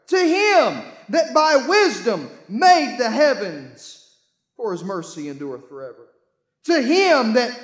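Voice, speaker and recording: A man preaching a sermon, reading scripture aloud and calling his congregation to read along, with bursts of shouting. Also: very high-pitched, echoey room. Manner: call-and-response, urging the congregation to read along. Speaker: pastor.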